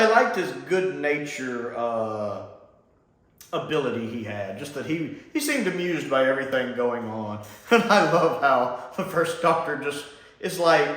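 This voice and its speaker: A man from Mississippi chatting casually as he reviews a show, lively and laughing often. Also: medium pitch. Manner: animated and chatty, laughs often, does mocking voices. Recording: echoey room.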